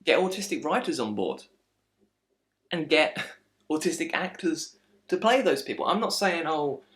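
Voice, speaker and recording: A man's voice: a little high, animated, normal speed, a bit bright. A man giving a casual, frustrated film critique, slipping into mocking impressions. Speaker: film reviewer.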